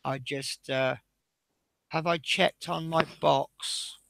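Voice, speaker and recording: Fields. Sex: man. Role: streamer. Style: casual anecdotal chat. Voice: gravelly, somewhat high. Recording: dry. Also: fairly even intonation, slow, fairly bright tone, dry recording. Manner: chatty anecdotal storyteller, reads out chat. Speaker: streamer building a model bus.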